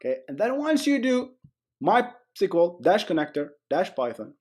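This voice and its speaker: A man's voice: sits high, moderate pace. A young man hosting a casual programming tutorial, chatty and joking, with frequent okays and rights. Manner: chatty, animated, often adds okay and right, jokes. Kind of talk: casual screen-recorded coding tutorial.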